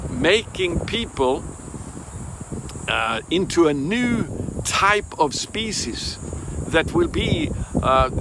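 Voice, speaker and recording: A man giving a Bible teaching in a deliberate, emphatic way, pausing and hesitating often. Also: on the high side, noisy background.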